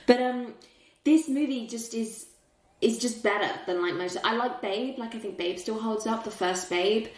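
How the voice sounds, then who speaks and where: Animated woman podcast host, roomy sound. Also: moderate pace. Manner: animated, emotional retelling with excited pitch jumps. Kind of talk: casual film chat. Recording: roomy echo.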